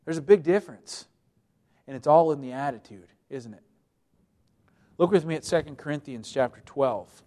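A man preaching a sermon who reads scripture aloud, speaking with emphasis and swinging between loud pleading and quiet asides. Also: fairly high pitch, moderate pace, pauses often.

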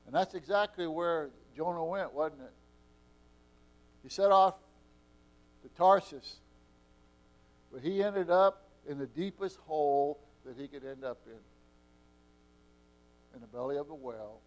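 A man preaching a sermon with impassioned delivery, his loudness swinging between soft and strong. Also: on the high side, a little slow, pauses often. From Eastern Oregon.

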